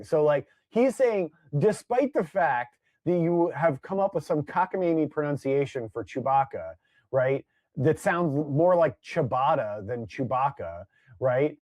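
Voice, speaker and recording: A man's voice: on the high side, expressive, unhurried, darkish tone, no room sound. A man co-hosting a podcast, teasing his partner in a wry manner. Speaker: podcast co-host. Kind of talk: casual podcast banter.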